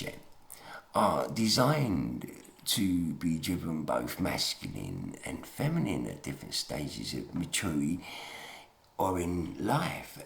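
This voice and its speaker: A man's voice: deep voice, vocal fry, fairly bright tone, echoey room. A tired man ranting emotionally in a late-night monologue, often calling the listener "mate". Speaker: online talker.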